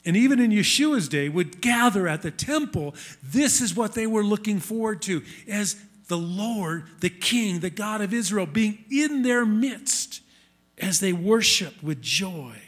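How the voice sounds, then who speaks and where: Earnest high-voiced male preacher. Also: animated, a little slow, fairly bright tone. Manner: earnest, rising and falling preaching delivery. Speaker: messianic congregation teacher. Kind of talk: sermon. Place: congregation hall with screen.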